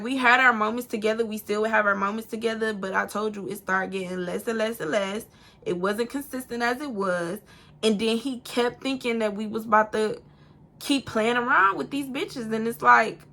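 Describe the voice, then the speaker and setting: A young woman casually telling a personal story to camera, animated and profane, acting out what people said. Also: a little high, normal speed. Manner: animated, swearing, acts out quotes in a raised voice. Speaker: storytime vlogger.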